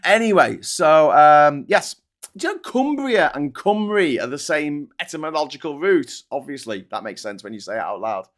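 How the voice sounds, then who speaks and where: A man's voice: on the high side, sing-song, normal speed. A man from Liverpool hosting a casual livestream chat, rambling and swearing often with frequent restarts. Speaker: host.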